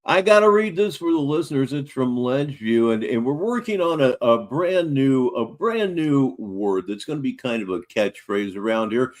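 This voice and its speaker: A man's voice: medium pitch, lively intonation, normal speed, few pauses. An older man hosting a casual livestream, talking in a wry, mocking way. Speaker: livestream host.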